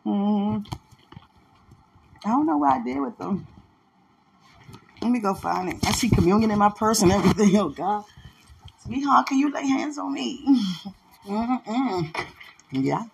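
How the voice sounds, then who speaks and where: A woman's voice: mid-range voice, a bit bright, slight background noise. A woman in casual, rambling chat, playful and affectionate, laughing often and talking aloud to God.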